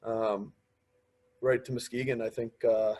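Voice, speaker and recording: A man's voice: medium pitch, measured pace. A man in his twenties, a guest on a podcast, chatting casually and telling stories, often acting out what others said to him. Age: 20s. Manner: storytelling, quoting others in lively asides. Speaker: podcast guest, pro hockey player. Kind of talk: casual interview chat.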